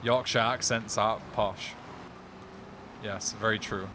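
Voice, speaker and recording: A young man with a low voice, chatting with his live-stream audience in a laid-back, wry way. Video game sounds run faintly underneath him. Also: steady tone, takes it slowly. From England. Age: young adult. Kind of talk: casual live-stream chat, reading and answering viewers. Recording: game noise in the background.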